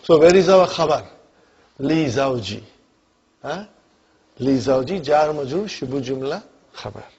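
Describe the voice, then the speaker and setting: A man's voice: mid-range voice, animated, a little slow, long pauses, a little mellow, lo-fi sound. A man teaching an Arabic grammar class, often asking whether students follow and calling on them by name. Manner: checks understanding often, calls on students by name.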